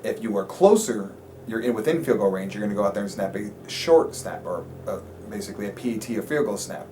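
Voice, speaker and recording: Male instructor, low voice, matter-of-fact explainer, noisy ambience behind him. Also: animated, fast talker. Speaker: long snapping instructor. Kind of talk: technical explanation.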